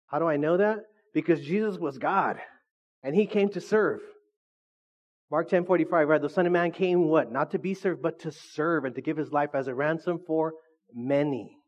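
A middle-aged man preaches as a pastor, his voice a little higher than most men's. He keeps cracking jokes and calling for replies from the congregation. The recording sounds dull and lo-fi. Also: normal speed. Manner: joking, call-and-response with the congregation. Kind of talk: sermon.

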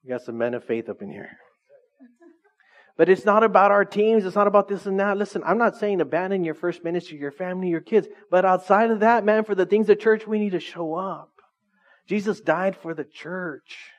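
A man's voice: sits high, fairly quick. A man preaching a casual, conversational sermon to a small church, joking and speaking straight to the congregation. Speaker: pastor. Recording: dull lo-fi recording.

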